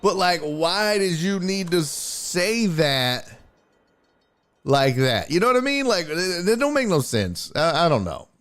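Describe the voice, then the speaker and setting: A man hosting a sports live stream in loose, casual chat. His voice sits a little high and swings widely in pitch, and he drawls his words slowly. He tells stories with disbelief and drops casual swearing. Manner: animated, swearing, incredulous storytelling. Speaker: sports show host and streamer.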